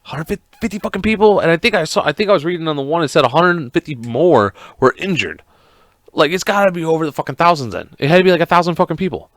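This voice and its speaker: A man hosting a podcast alone, ranting in a casual, profane, rambling and excitable way. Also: fairly high pitch, fast, no echo, studio quality. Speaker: podcast host.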